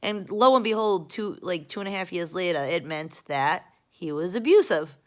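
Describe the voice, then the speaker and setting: A woman's voice: fairly low pitch, animated, normal speed. Blunt, swearing woman ranting on camera. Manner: rambling, profane and blunt, often restarting; swings between loud outbursts and quiet muttering. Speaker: vlogger. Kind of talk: casual confessional rant.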